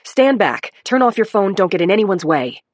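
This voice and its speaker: A woman voicing a brisk, commanding female emergency doctor. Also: medium pitch, sing-song, dry recording, studio quality.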